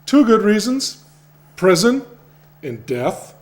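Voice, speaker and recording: A man's voice: high voice, sing-song, takes it slowly, heavily acted. An actor playing a scheming small-town man blackmailing his cousin in a comic radio soap, sly and drawling.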